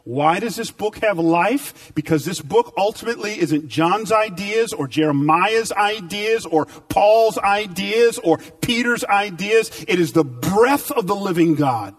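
A man preaching a sermon with emphatic repetition, swinging between loud, high bursts and low, quiet stretches. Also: lively intonation, measured pace, few pauses, distant mic, soft background music. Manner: dynamic, emphatic repetition with big swings in pitch and volume.

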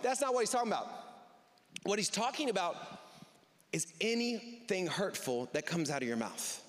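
A man's voice: sits high, very animated, normal speed, fairly bright tone, in a large hall. A male pastor preaching a sermon in a conversational way, acting out what people say. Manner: conversational, acts out quoted voices. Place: church service.

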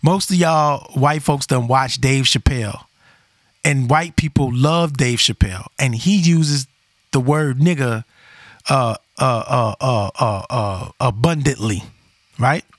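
A man's voice: mid-range voice, takes it slowly, dry recording, studio quality. Blunt, rambling male podcast host. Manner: blunt, rambling, repeats himself. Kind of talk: casual opinion monologue.

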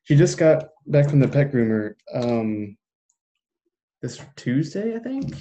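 A man chatting casually with a friend in a relaxed, easygoing way. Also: medium pitch, slow pace, lo-fi sound. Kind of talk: casual chat.

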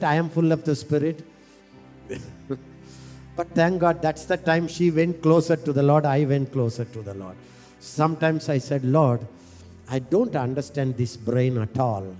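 A man preaching with fervor, his voice sitting a touch high for a man. He draws out his phrases slowly and calls on the listeners to repeat after him. Soft music hums faintly underneath. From India. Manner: impassioned, leads call-and-response with slow, stretched phrases. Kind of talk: sermon.

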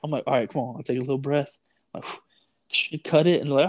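A man's voice: medium pitch, a little fast, no room sound. A young man telling a story in casual chat, rambling with lots of "like", "dude" and "bro". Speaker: storyteller guest.

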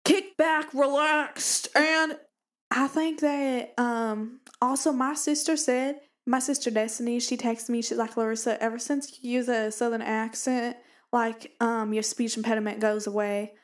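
A woman's voice: fairly high pitch, fairly even intonation, moderate pace. A young woman co-hosting a podcast, chatting in a bubbly, rambling way and often calling out to listeners. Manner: bubbly, rambling, addresses listeners as "you guys". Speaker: podcast co-host. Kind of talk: casual chat. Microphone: studio mic with pop filter.

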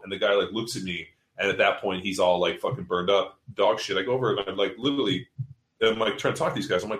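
A man's voice: lowish voice, fast, a bit bright, reverberant. A man coaching fitness seminars, telling a story in casual podcast talk, blunt and profane, acting out what people said. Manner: profane, blunt, acts out quotes.

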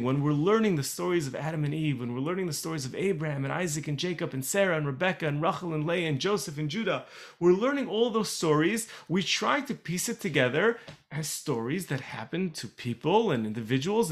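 Over a video call, a Torah teacher runs an online class, explaining each idea patiently, repeating key phrases for emphasis, and slipping in chatty asides. His voice is fairly high, gravelly, and a bit bright.

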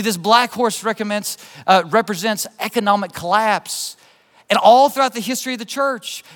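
High-voiced man preaching in a reverberant hall. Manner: impassioned preaching, rising to urgent appeals and dropping to soft emphasis. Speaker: pastor. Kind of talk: sermon.

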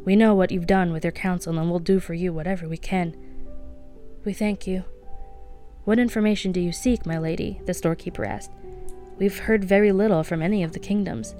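A woman reading a novel aloud as a podcast host, soft-spoken and lightly voicing the characters. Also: on the low side, fairly even intonation, a little fast, faint music behind. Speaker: audiobook reader.

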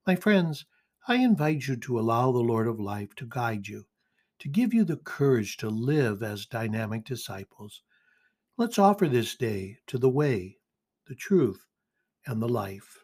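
Husky-voiced man giving a devotional reflection. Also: mid-range voice, very animated, a little slow, darkish tone. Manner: earnest, inviting, speaks straight to the listener. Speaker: host of a daily reflection podcast. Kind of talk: devotional reflection and scripture reading.

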